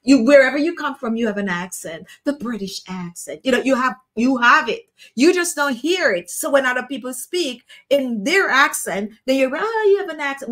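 A woman with a fairly high, slightly bright voice and a Jamaican accent runs a casual skincare live stream. She speaks earnestly and encouragingly, often saying phrases twice to drive them home.

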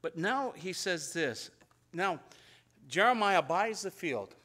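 This pastor's high voice is expressive, pushed, and bright, and he takes his time. Teaching an expository sermon conversationally in a church sanctuary, he keeps repeating words and acts out the prayers he cites.

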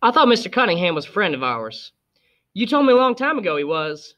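A man's voice: sits high, big pitch swings, a little fast, pushed and bright, highs cut off, voice pushed up, heavily acted. A man voicing an earnest, outspoken young girl.

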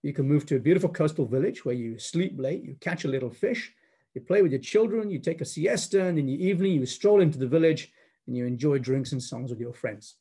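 A man's voice: a little high, brisk, mellow, slightly rough. A man voicing a pushy American consultant. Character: brash male American business consultant.

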